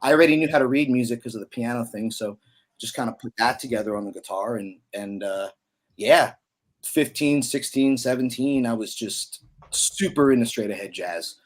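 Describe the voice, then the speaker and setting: A man's voice: medium pitch, normal speed. A man in his thirties from Pennsylvania, a musician guest telling stories in a loose, chatty way full of fillers and slang. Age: 30s. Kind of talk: casual storytelling.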